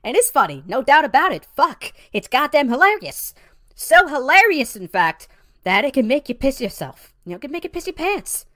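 With a high, sing-song, fairly bright voice at normal speed, a woman performs as a brassy, profane female boss of a pizzeria. She rambles through a comic lecture to trainees, full of "you know," and calls the listener honey or sweetie, recorded dry at studio quality.

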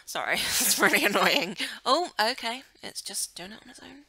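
A woman's voice: fairly high pitch, animated, normal speed, hardly any pauses, bright, forceful tone, slightly rough, no room sound, poor audio. A woman giving casual, giggly commentary as she plays a life-sim game, thinking aloud and often dropping to a murmur or whisper. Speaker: let's play host.

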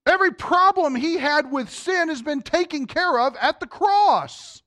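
A male pastor delivering a sermon in a church, his pitch swinging up and down with animation. He keeps asking the congregation questions and drops to a hushed voice when he wants to drive a point home. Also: lively intonation, measured pace, few pauses. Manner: drops to a low, quiet voice for emphasis. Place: church sanctuary.

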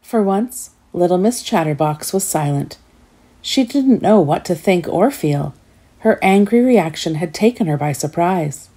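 A woman reading a children's picture book aloud, gently asking her young listeners questions. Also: fairly low pitch, slightly rough. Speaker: storyteller.

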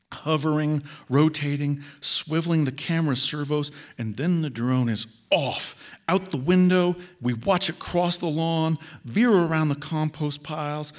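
A male author reading his own short story aloud in measured, expressive first-person narration. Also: a little high.

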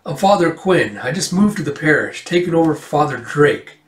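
A man voicing a friendly male priest who jokes and gently persuades. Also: fairly high pitch, expressive, normal speed, natural voice. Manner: warm, joking, persuasive. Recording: roomy, distant mic.

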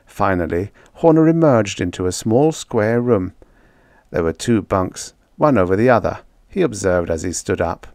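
A man narrating a vintage science fiction story as an audiobook, in a measured, steady reading with dramatic lift. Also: on the low side, dry recording, studio quality.

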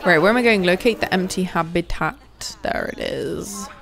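A woman's voice: lowish voice, moderate pace, gravelly, a crowd in the background. A young woman giving casual gameplay commentary, gushing and cooing over the animals. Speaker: gaming video host.

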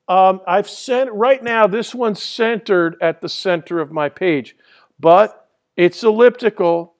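Male lecturer, high-pitched, loose and chatty with lots of ums. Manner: rambling and conversational, many fillers and restarts. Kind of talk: classroom lecture. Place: lecture hall.

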